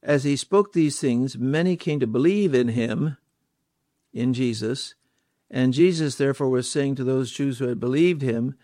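A man's voice: medium pitch, a little slow, mellow, dry recording, clean studio sound. A man preaching a sermon, stressing points with repeated words and rhetorical questions.

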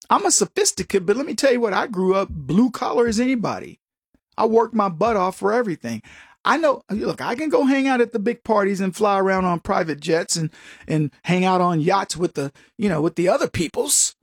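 An emphatic man from the United States holds forth in a combative monologue. His voice sits high and jumps around a lot, with a slightly husky edge. The sound is dry and close. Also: expressive, brisk, no echo. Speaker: commentator. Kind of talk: opinionated monologue.

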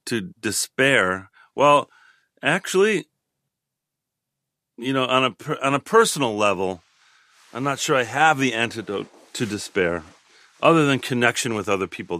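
A man in his sixties, speaking as an interview guest, reflects slowly and openly, often halting to restart a thought. His mid-range voice has a bright, forceful edge, and the recording is dry and close.

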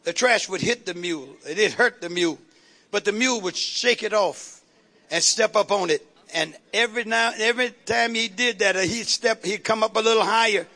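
High bright preacher guy, call and response, keeps repeating lines louder. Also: moderate pace. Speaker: pastor. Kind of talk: sermon.

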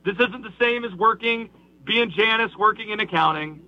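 A man who is a guest on a sports radio show, calling in while driving, giving a forceful, ranting opinion with a slightly raspy voice and lots of repetition. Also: sits high, normal speed, no room sound, highs cut off. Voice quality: raspy in the morning. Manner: emphatic, ranting, repeats himself. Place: driving in a car.

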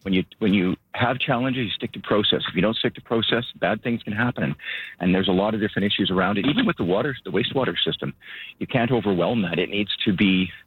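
A man speaking as a local government spokesperson, out of breath and earnest, rambling with halting restarts. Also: on the low side, breathy edge, no echo. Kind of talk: phone interview. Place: outdoors at his vehicle. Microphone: phone. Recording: tinny phone line.

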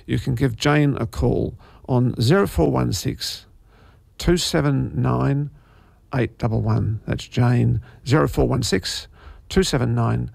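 A man's voice: mid-range voice, slow, vocal fry, a little mellow, no echo. A man presenting community radio in a rambling, chatty way full of fillers and asides.

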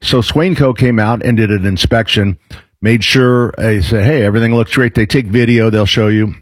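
A man's voice: on the low side, normal speed, no room sound. A man hosting a radio show, reading an ad in a joking, rambling way. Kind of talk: casual radio chat and live-read ad.

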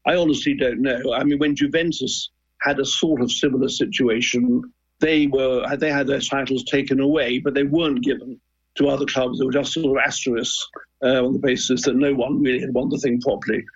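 A man's voice: medium pitch, fairly even intonation, brisk, breathy edge, highs cut off. An older man, a former club chairman, talking as a guest on a radio discussion in an earnest, hesitant way, often repeating words.

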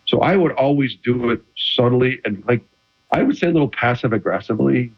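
A man's voice: medium pitch, fairly quick. Casual middle-aged guy, lots of restarts, swingy voice, muffled lo-fi audio. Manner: animated storytelling with many restarts. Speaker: retired quarterback guest. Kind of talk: casual interview chat. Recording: dull lo-fi audio.

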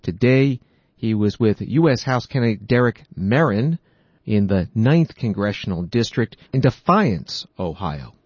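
A man reading scripted news narration in a measured, formal way as a news anchor. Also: on the low side, lively intonation, a little mellow, husky, dry recording, dull audio.

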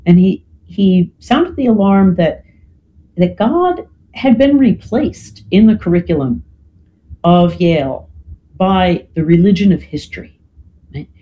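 A guest explaining history in a lecturing, conversational way, often checking in with "right?" and filling pauses with "you know". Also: mid-range voice, animated, phone-quality sound.

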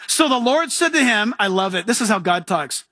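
A man's voice: high voice, brisk, no echo. A man, a pastor, preaching a sermon in an emphatic way and often saying "listen". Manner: animated, emphatic, repeats "listen".

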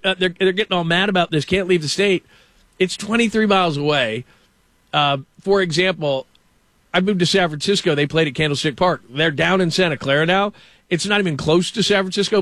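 A man's voice: a little high, fairly bright tone, no echo. A man hosting a casual sports talk show, ranting with animation and mock quotes. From Los Angeles. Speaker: show host.

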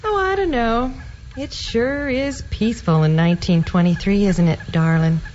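An actress playing a coy, sugary-sweet young wife with a teasing manner, in a radio drama. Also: female voice, medium pitch, normal speed, darkish tone, a little hiss or hum, natural voice. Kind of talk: 1940s radio acting. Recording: dull lo-fi radio recording.

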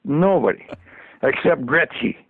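A slightly slow older man with a high-leaning voice, lively intonation and a breathy edge tells chuckling, folksy stories about his days as a hockey trainer. The interview comes over a dry, tinny phone line with no room sound.

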